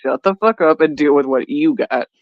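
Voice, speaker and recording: A fairly high voice speaking bluntly and profanely, laughing often through casual chat. The sound is dull and lo-fi, dry with no room around it. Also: male voice, normal speed, dry recording. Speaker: veteran podcast co-host.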